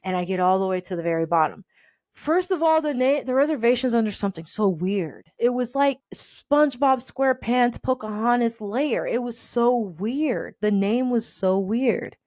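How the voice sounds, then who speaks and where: A woman casually telling a personal story, animated and laughing often as she acts out the people in it. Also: on the high side, normal speed, no echo, clean studio sound.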